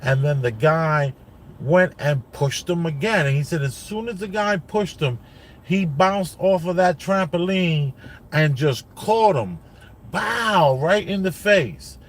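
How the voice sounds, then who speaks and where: Higher-voiced man rambling in a car. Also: slow pace. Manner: rambling, lots of like and you know, repeats himself. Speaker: father telling a family story. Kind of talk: casual storytelling while driving. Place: inside a car.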